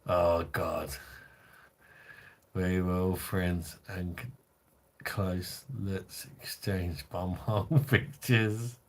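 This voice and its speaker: Drunk male livestream host: deep, slow, crude and rambling. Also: steady tone. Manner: crude, rambling, reads out chat comments.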